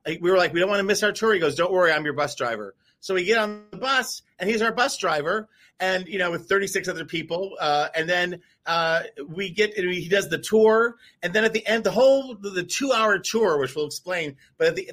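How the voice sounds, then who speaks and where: A man with a high, bright voice tells a travel story to a live audience. He rambles and restarts, but keeps the telling animated and casual. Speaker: co-host.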